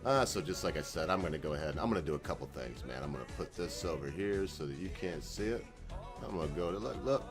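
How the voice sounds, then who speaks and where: A man with a notably deep, low voice hosts his own video channel. He rambles in a folksy, unscripted way and breaks in with chuckling asides. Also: lively intonation, quick pace, over music. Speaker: channel host. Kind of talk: casual rambling video monologue.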